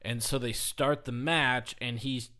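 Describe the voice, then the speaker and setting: A man co-hosting a podcast, casually telling an animated story and laughing often. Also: medium pitch, unhurried. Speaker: podcast co-host. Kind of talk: casual chat.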